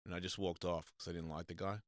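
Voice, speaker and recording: A man's voice: low-pitched, flat delivery, fast, no room sound, clean studio sound. A man hosting a casual live stream, telling crude, rambling stories and acting out other people's voices. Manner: crude, rambling storyteller with loud quoted voices. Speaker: host.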